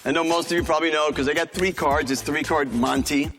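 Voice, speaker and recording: A man from New York with a New York accent, a joking, fast-talking street magician doing stage patter in a TV theater. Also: a little high, fairly even intonation. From New York City. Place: TV theater stage before a live audience. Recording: stage audio with crowd and music. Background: audience laughter and show music.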